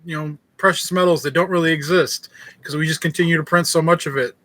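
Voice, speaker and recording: A man's voice: fairly high pitch, steady tone, fast, bright, forceful tone. A man co-hosting a podcast, chatting casually and telling a story with loose, stammering restarts. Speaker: podcast co-host. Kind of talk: casual chat.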